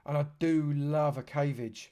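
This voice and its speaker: A man streaming a live walkthrough of a game world, talking in a slightly high voice. He chats freely and gushes over everything he points out. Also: steady tone, a little slow, dark tone, clear, resonant tone. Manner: effusive, chatty, lavish with praise. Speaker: streamer touring a game server. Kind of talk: live gameplay tour commentary.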